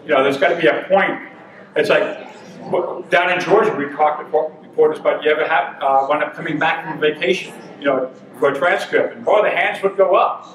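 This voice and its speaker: A man's voice: a little high, a little fast, fairly bright tone. A man giving a comic seminar talk to a live audience, chatty and joking, laughing often. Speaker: seminar speaker. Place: conference room with a live audience. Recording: roomy hall from a distance, audience noise.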